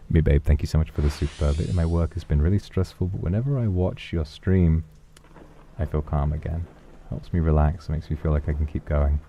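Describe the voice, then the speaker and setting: Deep, dark-voiced male streamer. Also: highs cut off. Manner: soft, affectionate, musing. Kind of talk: casual chat reading donations.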